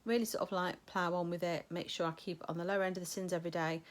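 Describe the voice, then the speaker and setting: Middle-aged woman, vlogger, low-ish voice, casual rambling chat. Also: level tone, fast talker. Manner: chatty, rambling, many ums. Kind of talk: casual weight-loss vlog chat.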